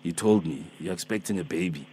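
A man's voice: low-pitched, a little fast, warm tone, slightly rough, voice pushed down. A man voicing a fussy, pleading elderly man who chases a debt in a prank phone call, rambling and hesitant. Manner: rambling, hesitant, calls her Mama and my darling.

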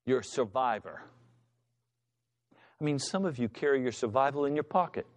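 A man's voice: medium pitch, lively intonation, moderate pace. A male pastor preaching a sermon with passion, acting out the voices of the people in his story. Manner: impassioned preacher, acts out shouting voices.

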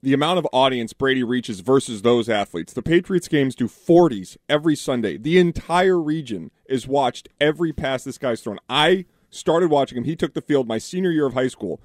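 A man's voice: medium pitch, expressive, normal speed, few pauses, dry recording, clean studio sound. Earnest male sports radio co-host. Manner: earnest, argumentative.

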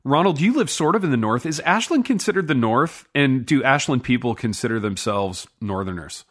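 A middle-aged podcast co-host rambles through casual chat, laughing often and poking fun at himself. His medium-pitched voice is animated and brisk.

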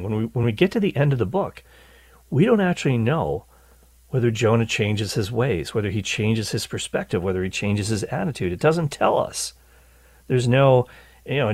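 A man hosting a radio Bible teaching show, talking in an animated way and often repeating words as he starts a thought. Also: medium pitch, no room sound. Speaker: radio host.

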